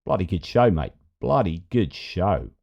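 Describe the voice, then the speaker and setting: A man putting on a to voice a boisterous, beer-loving bloke, loud and jokey. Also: low voice, big pitch swings, unhurried, vocal fry, dull audio, exaggerated voice. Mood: matey.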